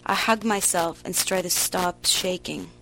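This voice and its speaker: A woman giving a slow, emotional, theatrical reading of a first-person story. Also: on the low side, steady tone, creaky, a bit bright, slight background noise, rough recording. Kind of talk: dramatic literary reading.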